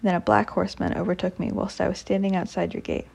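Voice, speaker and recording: A frightened young girl from a storybook, polite and hesitant as she asks her questions, read by a woman. The voice is husky and mellow, with some gravel in it. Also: lowish voice, animated, quick pace, full character voice. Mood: timid.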